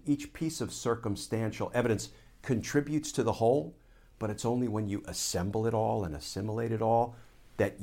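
A man, a former Army lawyer, giving a political commentary monologue in a measured, explanatory courtroom style. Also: fairly low pitch, darkish tone.

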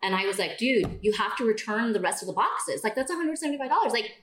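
A woman guest on a podcast telling a story in casual chat, jumping into a higher voice to act out what people said. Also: quick pace, roomy sound, slight background noise. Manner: animated, acts out quoted dialogue in a raised voice.

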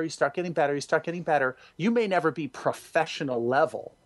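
A man being interviewed, telling stories expressively and acting out quoted voices, with sudden high jumps for emphasis. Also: no echo. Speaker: guest, singer and former music director. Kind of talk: animated interview storytelling.

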